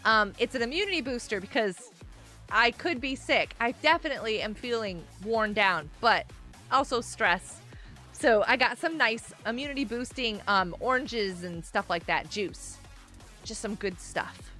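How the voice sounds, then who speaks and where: A woman live-streaming a game, chatting excitably with viewers, greeting them by name and often laughing and gasping. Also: a little high, unhurried, soft background music. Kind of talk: live-stream gameplay chat.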